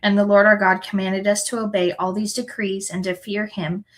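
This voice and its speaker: A woman reads scripture aloud at a mid pitch, earnest and unhurried. She corrects the odd stumbled word and keeps going. Her delivery is plain and sincere rather than theatrical. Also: flat delivery, rough recording. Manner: earnest, unhurried reading with small self-corrections. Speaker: scripture reader.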